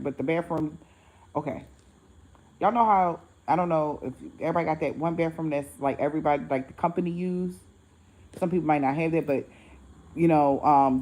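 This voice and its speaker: A woman's voice: low voice, low-quality recording. A woman vlogger, telling a story casually to her viewers, acting out the voices in it and swearing freely. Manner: animated, acts out voices in quotes, swears freely.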